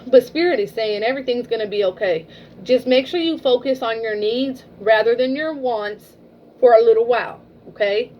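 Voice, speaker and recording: A woman's voice: fairly high pitch, highs cut off, a little hiss or hum. A woman giving a casual tarot reading, blunt and swearing freely, often ending a point with "okay?". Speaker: tarot reader.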